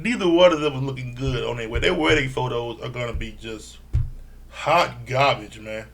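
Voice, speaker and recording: A man giving a blunt, profane casual recap of a reality TV episode, laughing often and mimicking people in a higher voice. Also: normal speed, creaky, fairly bright tone. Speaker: reality TV reviewer.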